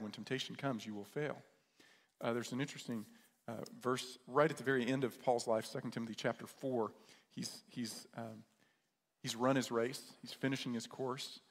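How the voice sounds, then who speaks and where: A man preaching a sermon as a pastor, repeating key words and asking the listeners questions. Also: mid-range voice. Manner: repetitive, rhetorical questions. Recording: echoey hall with long reverb.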